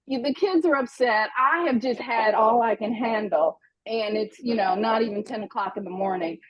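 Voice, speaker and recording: A woman's voice: on the high side, normal speed. Middle-aged woman telling a story, lo-fi. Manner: animated, self-deprecating. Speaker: guest storyteller. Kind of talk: casual storytelling. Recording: dull lo-fi sound.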